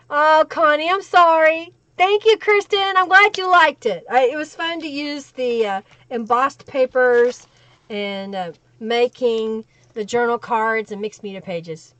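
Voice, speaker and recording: A woman's voice: a little high, fairly bright tone, no echo. A woman hosts a casual craft live stream, chatty and upbeat as she thanks viewers one by one. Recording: dull lo-fi dry sound.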